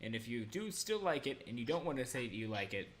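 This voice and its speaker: A man's voice: mid-range voice, sing-song, fast talker, a little hiss or hum. Joking, rambling man on a live stream. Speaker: player. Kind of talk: casual chat on a live stream.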